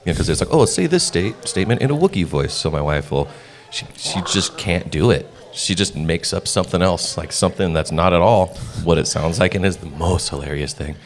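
A man co-hosting a podcast in casual chat, playful and quick to joke. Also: deep voice, steady tone. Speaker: podcast co-host.

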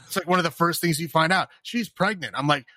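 A man co-hosting a podcast, chatting casually about a horror film, sarcastic and animated, with lots of fillers and laughs. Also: on the high side, rapid-fire, dry recording. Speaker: podcast co-host. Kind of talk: casual horror movie chat.

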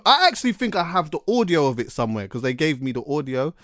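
Animated man telling stories. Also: on the high side, fast talker, hardly any pauses, dry recording, clean studio sound. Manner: animated storyteller, London slang, lots of restarts. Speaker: podcast host. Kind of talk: casual chat.

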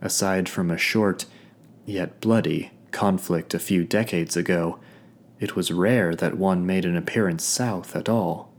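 A man reading a first-person story as a narrator, measured and sometimes hushed. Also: sits low. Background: faint background music.

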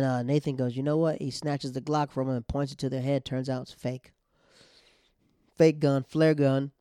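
Mellow-voiced young man recapping casually. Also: mid-range voice, no echo, clean studio sound. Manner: animated, slangy storytelling. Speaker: podcast host recapping a TV episode.

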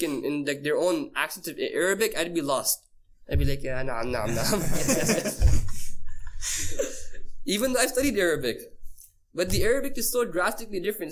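A man's voice: high voice, a little hiss or hum. A man teaching a casual class, quizzing his listeners and repeating key phrases for emphasis. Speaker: Islamic teacher.

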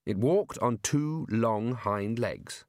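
Give me a wry, measured male audiobook narrator with a lively, animated read in a dry booth. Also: medium pitch, no echo.

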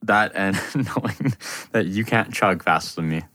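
A man co-hosting a podcast, teasing the others with quick comebacks in casual chat. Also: on the low side, bright, forceful tone. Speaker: podcast co-host.

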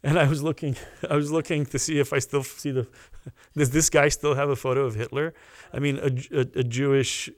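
A man, a podcast guest, telling a personal story in an earnest, animated way and acting out the people he quotes. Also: mid-range voice, fairly quick, hardly any pauses, dry recording, clean studio sound.

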